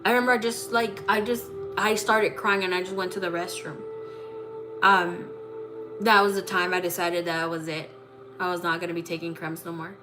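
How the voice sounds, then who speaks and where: Low-voiced woman telling a blunt, profane story. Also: steady tone, moderate pace, over music. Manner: blunt, profane, full of fillers. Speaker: psychic tarot reader. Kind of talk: casual storytelling.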